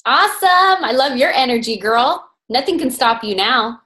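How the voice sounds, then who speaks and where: Woman, upbeat, chatty, video call host, higher voice. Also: animated, normal speed, bright, forceful tone. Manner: upbeat, tells a joke with acted voices. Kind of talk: casual video call chat.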